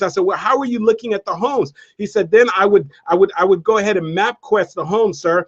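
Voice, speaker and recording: Man, motivational speaker, high voice, punchy repetitive cadence, slightly dull lo-fi sound. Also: fairly quick, husky. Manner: energetic, repetitive preacher-like cadence. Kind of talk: motivational storytelling talk.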